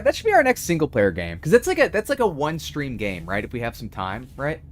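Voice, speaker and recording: Animated streamer man chatting with viewers. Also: a little high, a little hiss or hum. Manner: chatty, reads and answers chat, animated. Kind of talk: casual live-stream chat.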